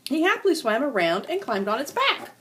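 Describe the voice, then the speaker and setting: An older woman, a grandmother, reading a children's animal storybook aloud to her grandchildren with an animated, sing-song manner. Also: sits high, fairly quick, heavy background noise.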